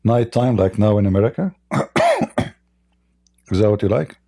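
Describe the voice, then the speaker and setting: A hoarse middle-aged man hosting a casual livestream chat. He mocks, chuckles often, and keeps coughing and clearing his throat as his voice gives out. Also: lowish voice, normal speed, mellow. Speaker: livestream debate host.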